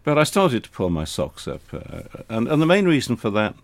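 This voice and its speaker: A man's voice: mid-range voice, very animated, a little fast, no room sound. An older man, a retired air force officer, reminiscing in an interview with dry humour. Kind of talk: reminiscing in conversation.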